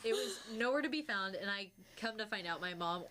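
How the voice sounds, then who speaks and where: A woman's voice: mid-range voice, animated, brisk, fairly bright tone. A young woman casually telling a story on a podcast, acting out quotes with big jumps in her voice.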